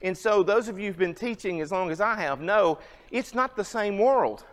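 A man in his fifties teaches a church Bible class, high in pitch and conversational. He keeps asking his listeners questions. His voice rings on in a long hall echo. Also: expressive, normal speed. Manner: conversational, asks the audience questions.

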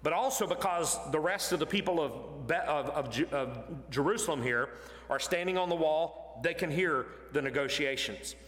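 A male preacher works through a scripture passage with animated, emphatic delivery. His voice sits a little high for a man and climbs further when he drives a point home. A long reverb from a large sanctuary trails behind every phrase. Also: moderate pace. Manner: animated, emphatic, rising in pitch to stress points. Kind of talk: expository sermon.

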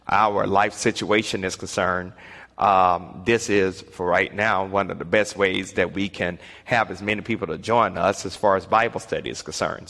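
A man leading an online Bible study, speaking in a measured way with many fillers and repeated phrases. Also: deep voice, fairly bright tone, in a large hall.

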